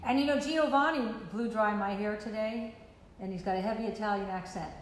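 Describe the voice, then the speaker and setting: A woman's voice: mid-range voice, a little fast, very echoey, long reverb tail, slight background noise, rough recording. An older woman hosting a sales show, chatting in a playful, teasing way and telling stories. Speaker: show host. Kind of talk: casual chat on a sales show.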